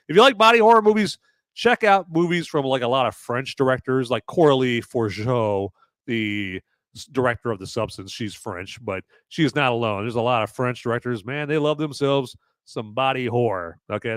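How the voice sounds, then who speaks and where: A man hosting a live podcast, chatting in a rambling, jokey way with sudden loud, shouty bursts. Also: medium pitch, clean tone, no echo, studio quality. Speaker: podcast host. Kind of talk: live-stream movie review chat.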